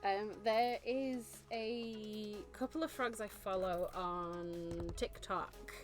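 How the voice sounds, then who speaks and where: A woman's voice: medium pitch, fairly even intonation, takes it slowly. A woman chatting casually on a live stream, gushing and laughing often. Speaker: vtuber streamer. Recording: faint background music.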